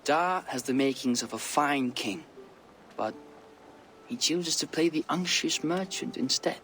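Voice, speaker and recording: An actor playing a cocky, defiant young Viking prince in a video game. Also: male voice, a little high, lively intonation, unhurried, fairly bright tone, a little hiss or hum. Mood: earnest. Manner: defiant, boastful.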